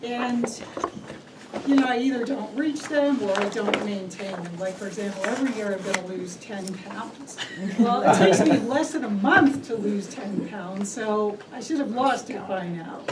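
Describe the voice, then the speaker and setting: A woman's voice: mid-range voice, moderate pace, crowd noise. Female speaker with a light, self-deprecating manner, recorded from afar in a reverberant room. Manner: friendly, self-mocking, laughing lightly. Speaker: club speaker. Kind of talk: prepared persuasive speech. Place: meeting room. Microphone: room mic from a distance. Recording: echoey room, distant mic, background noise.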